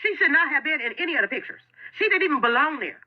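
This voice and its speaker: This woman, who owns a food truck, talks fast in a high, expressive voice. Her self-recorded video statement is emotional, impassioned and defensive, with frequent repetition, and the phone audio is dull and lo-fi.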